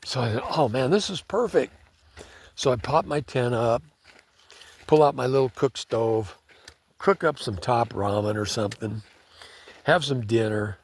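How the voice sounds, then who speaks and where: A man's voice: mid-range voice, measured pace, pauses often. A man telling a story in a laid-back, conversational way, often saying "man". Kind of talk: casual spoken storytelling.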